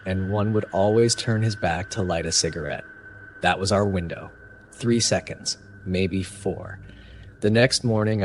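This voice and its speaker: A man giving grave, measured first-person narration of a horror story. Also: deep voice, a little hiss or hum.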